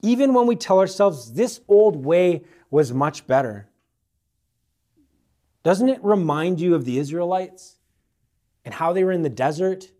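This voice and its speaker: A man's voice: high voice, expressive, measured pace, pauses often. Man preaching with rising and falling intensity. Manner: dynamic delivery, swinging from loud emphasis to hushed appeals. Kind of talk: sermon.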